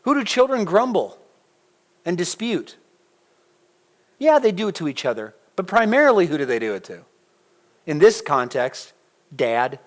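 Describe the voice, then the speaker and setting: A middle-aged man preaching a sermon in a church, conversational and animated, putting questions to the congregation. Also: high-pitched, normal speed, pauses often. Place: church sanctuary.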